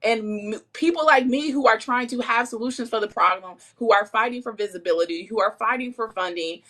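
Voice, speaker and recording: A woman's voice: fairly high pitch, a little fast, fairly bright tone. A woman guest venting her frustration and swearing in a casual chat.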